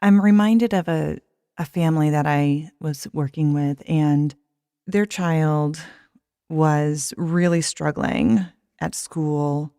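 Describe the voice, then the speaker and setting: A woman with a low, gravelly voice interviews a guest on a podcast. The sound is dry and close, and she asks her questions in an even, conversational way. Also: slow pace, no room sound. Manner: asks questions, draws on her own casework. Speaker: podcast host.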